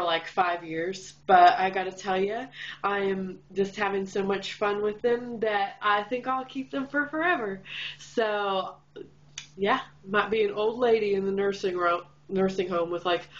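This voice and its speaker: A woman's voice: mid-range voice, highs cut off. A young woman from Kansas with a Midwestern accent and a slight Southern twang, chatting casually to camera in a vlog, bubbly and full of fillers. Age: young adult. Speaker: vlogger. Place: room lit by a window.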